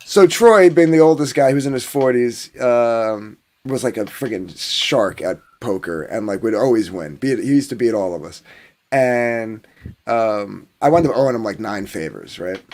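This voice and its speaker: A man's voice: medium pitch, expressive, normal speed, a little mellow. A man from New Jersey telling a long story in a rambling, casual way, full of fillers and swearing. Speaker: podcast panelist.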